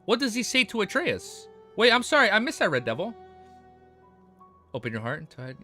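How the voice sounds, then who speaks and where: A man on a live stream reads a novel aloud and keeps breaking in with excitable, profane reactions. His voice sits a little high and sounds bright and forceful. Soft music plays faintly behind him. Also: moderate pace. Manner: excitable, swears freely, laughs often. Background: faint background music.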